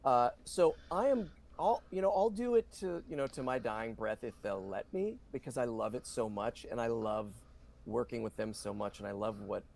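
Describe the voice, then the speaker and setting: A man's voice: mid-range voice, normal speed, vocal fry, a little mellow. A middle-aged man, a voice actor, answering interview questions in an earnest, talkative way. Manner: earnest, talkative, full of "you know" fillers. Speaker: voice actor guest.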